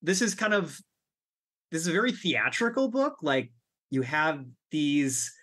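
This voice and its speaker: Bright-voiced animated podcast co-host man. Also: on the high side, a little slow. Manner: animated, laughs often, swears. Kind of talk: casual book discussion.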